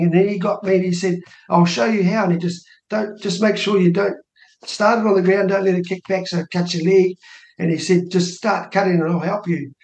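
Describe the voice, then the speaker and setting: A New man in his sixties, a guest telling a family story on a radio show, acting out the voices of people he quotes. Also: high voice. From New Zealand. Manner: animated storyteller who acts out quoted dialogue. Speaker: guest, election candidate. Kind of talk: casual storytelling interview. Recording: echoey room.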